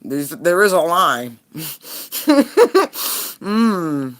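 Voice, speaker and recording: A woman's voice: fairly low pitch, sing-song, very slow. A woman giving a casual tarot reading, talking bluntly and frankly and laughing often. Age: adult parent. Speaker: tarot reader.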